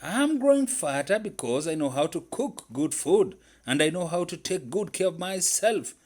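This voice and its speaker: A man voicing a scheming, excitable male squirrel trickster in a told folktale, shrill and emphatic. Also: moderate pace. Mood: smug.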